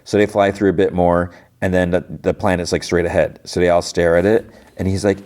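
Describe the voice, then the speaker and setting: A man's voice: sits low, little pitch movement, brisk, hardly any pauses, a little mellow. A man hosting a podcast, casually recapping a TV episode and quoting the characters. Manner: retells scenes with quoted voices, many fillers like "like". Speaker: podcast host.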